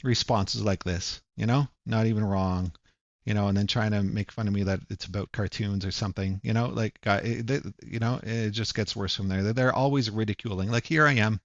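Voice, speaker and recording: A man's voice: fairly low pitch, fairly even intonation, a little fast, dry recording, muffled recording. A man ranting angrily in a profane, mocking monologue. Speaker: commentator. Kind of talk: angry monologue.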